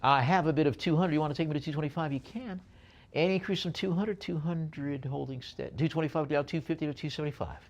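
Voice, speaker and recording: A man's voice: fairly high pitch, fast, muffled recording. A man working as an auctioneer, calling out bids at a live auction and slipping in jokey asides between lots.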